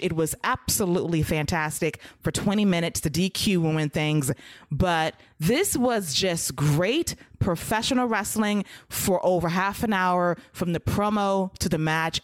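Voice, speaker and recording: A woman co-hosting a podcast, giving a casual wrestling recap and acting out promos with lively energy. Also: lowish voice, dry recording, clean studio sound. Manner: animated, acts out wrestler promos. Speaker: podcast co-host.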